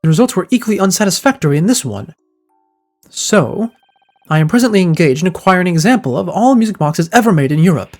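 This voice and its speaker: A man reading as a pompous gentleman detective. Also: high voice, lively intonation, quick pace. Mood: lofty. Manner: grandiose, wordy, self-assured. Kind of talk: reading game dialogue aloud.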